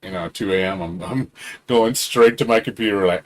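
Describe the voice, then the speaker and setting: A man streaming games live, rambling excitably in casual chat, swearing freely and laughing often. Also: on the low side, fairly quick, slight background noise. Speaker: game streamer.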